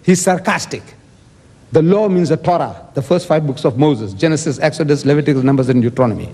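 A man's voice: on the high side, fast talker, warm tone, breathy edge, in a large hall. A man giving an emphatic debate speech, quoting scripture and asking rhetorical questions.

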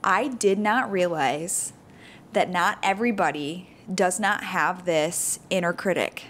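A woman's voice: lowish voice, a little hiss or hum. Chatty woman podcast co-host. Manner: animated, laughs often, quick bursts of explanation. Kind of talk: casual married-couple chat.

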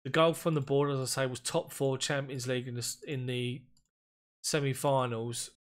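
A man giving casual commentary on a football management game, getting excited and frustrated as chances slip away. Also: medium pitch, normal speed. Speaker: gaming YouTuber.

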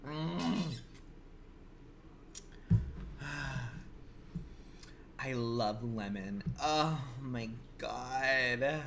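A man streaming a game live, commenting in a campy, profane way and swinging from low murmurs to shrill outbursts. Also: very slow, vocal fry, pauses often, a bit bright, a little hiss or hum.

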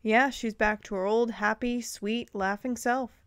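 A woman's voice: on the high side, fairly even intonation, a little slow, smooth, no echo, studio quality, close to an everyday voice. A woman reading the lines of Santa, an earnest, worried father and uncle, in a plain, sincere voice.

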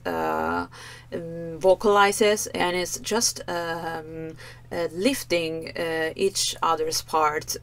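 Woman vocal coach, lowish voice, unhurried, filler-heavy analysis. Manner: thoughtful, many fillers, demonstrates vocal sounds. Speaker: vocal coach reacting to a performance. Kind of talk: reaction video analysis.

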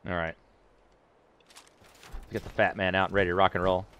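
A man's voice: low voice, level tone, brisk, fairly bright tone, smooth. Chatty man streaming a game. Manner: chatty, playful, reading chat aloud. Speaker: gameplay streamer. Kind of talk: casual gameplay commentary.

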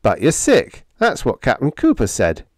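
A man voicing an anxious, petulant male ship's steward with a fussy, hushed manner in a storybook reading. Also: medium pitch, very animated, moderate pace, no room sound, studio quality, voice pushed up, close to an everyday voice.

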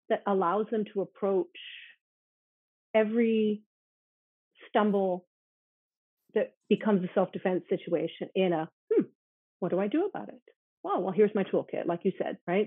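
A woman's voice: mid-range voice, breathy edge, no echo, narrow, tinny audio. A woman, a self-defense instructor, talking earnestly as an interview guest and growing emphatic as she speaks. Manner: earnest, grows emotional and emphatic. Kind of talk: conversational interview.

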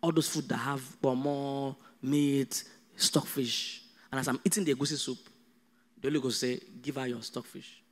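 A man with a Nigerian accent preaching a sermon as a pastor, animated and humorous. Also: mid-range voice, moderate pace, long reverb tail. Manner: animated, humorous, acts out dialogues.

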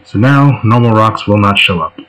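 A man's voice: fairly low pitch, normal speed, a bit bright, low-quality recording. A man hosting a let's play, giving casual gameplay commentary in a laid-back, joking way.

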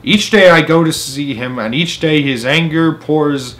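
A man reading a children's story aloud in first person, with dramatic swings between loud and soft. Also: a little high, unhurried.

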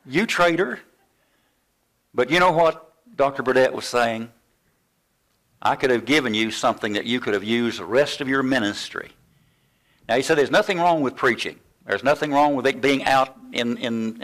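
Older male pastor, sermon delivery, lively storyteller, medium voice. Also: mid-range voice, normal speed. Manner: animated storytelling, acts out quoted voices.

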